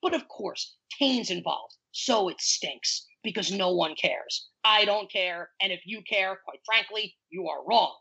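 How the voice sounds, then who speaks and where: Man, 30s, bright voice, exasperated ranting, casual chat. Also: high-pitched, animated, unhurried, vocal fry, hardly any pauses, husky, poor audio. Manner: exasperated ranting, heavy "like" fillers. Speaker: podcast co-host.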